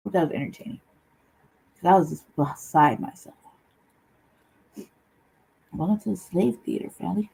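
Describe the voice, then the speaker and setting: A woman's voice: low-pitched, vocal fry, mellow, poor audio. Blunt, profane woman ranting in commentary. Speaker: host. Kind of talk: casual commentary vlog.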